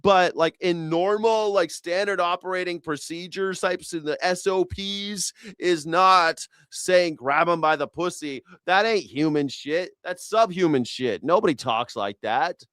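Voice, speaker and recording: A man hosting a live news reaction show, talking in an animated, profane, rambling way with many restarts. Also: high voice, unhurried, few pauses, clean tone, dry recording. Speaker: host.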